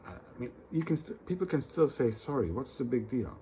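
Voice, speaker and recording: A man's voice: mid-range voice, sing-song, brisk, warm tone, slight background noise. A man vlogging in a casual rambling monologue, often repeating words and restarting, acting out little quoted exchanges.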